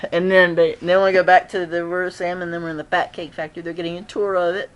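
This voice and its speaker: An excitable fan recaps a TV episode in a loose, chatty vlog. The delivery rambles and restarts, with frequent throat clearing and little laughs. The speaker keeps slipping into the characters' lines. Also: medium pitch, quick pace.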